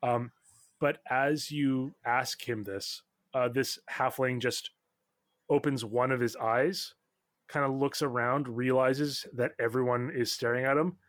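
Male game master, unhurried, lots of "uh" and "um", dead-dry mic. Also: medium pitch, dry recording. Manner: relaxed, halting narration with many fillers. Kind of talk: narrating a tabletop game.

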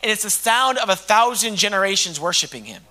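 Man, preacher, very high voice, impassioned sermon, hushed to shouting. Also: lively intonation, a little fast.

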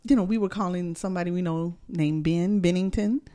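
A woman, co-hosting a casual chat show, playful and quick to laugh. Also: on the low side, steady tone, warm tone, a little hiss or hum. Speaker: co-host.

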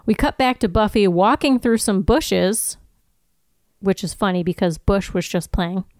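A woman's voice: mid-range voice, a little slow, a little mellow, no room sound. A woman co-hosting a podcast, chatting casually and recapping scenes in detail on a close mic. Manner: narrates plot in detail, reading out lines. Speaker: podcast co-host recapping episodes.

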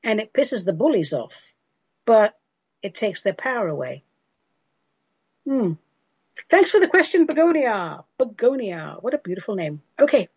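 Animated, husky woman radio host. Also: mid-range voice, moderate pace, long pauses, no echo. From England. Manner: animated, emphatic, chatty. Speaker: radio host and spiritual advisor. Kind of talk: casual radio talk answering listener questions. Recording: dull lo-fi radio recording.

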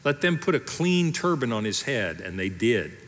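Conversational pastor preaching in a reverberant hall. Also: male voice, medium pitch, sing-song, normal speed, fairly bright tone. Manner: conversational preaching, acts out voices in the story. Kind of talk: sermon. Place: church auditorium.

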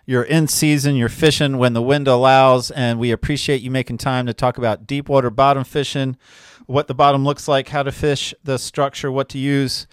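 A man with a medium-pitched voice hosts a casual podcast, joking and keeping the chat moving. His voice sounds close and dry, with no room echo. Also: little pitch movement, normal speed, hardly any pauses, smooth. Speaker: podcast host.

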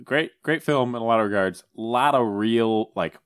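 A man's voice: mid-range voice, normal speed, smooth. A young man in casual podcast chat, rambling with lots of filler words. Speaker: podcast co-host.

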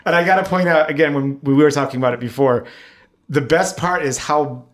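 Man, relaxed co-host, giggly, hesitant phrasing. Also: a little high, brisk. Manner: relaxed, laughs easily, hesitant. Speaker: podcast co-host. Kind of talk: casual chat.

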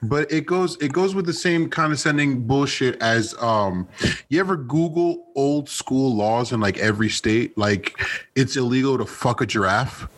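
A man's voice: mid-range voice, moderate pace. A man in a casual podcast chat over a video call, joking and sarcastic, swearing and acting out little scenes.

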